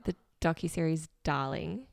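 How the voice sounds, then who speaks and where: A woman's voice: low voice, moderate pace, creaky, no room sound. A woman co-hosting a podcast, chatting casually with wry, thoughtful remarks. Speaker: podcast co-host. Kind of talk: casual chat.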